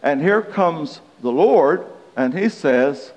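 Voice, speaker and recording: A man's voice: on the high side, expressive, takes it slowly, a little mellow. Folksy preacher man in a reverberant hall. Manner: folksy, storytelling, acts out quotes. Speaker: pastor. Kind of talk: sermon with humorous stories.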